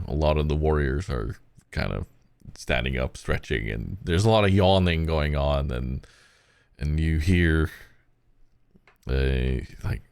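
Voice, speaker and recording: A man runs a tabletop game as its game master and narrates in a relaxed way, with frequent chuckles. His voice is very deep with a gravelly rasp. He talks slowly, and the sound is dry and close. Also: dry recording.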